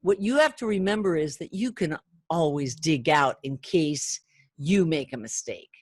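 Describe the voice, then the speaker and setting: A woman's voice: low-pitched, measured pace, husky, dry recording, clean studio sound. Chatty older woman coaching phone manners. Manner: chatty, animated, acts out callers' lines. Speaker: phone sales trainer. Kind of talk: training talk to camera.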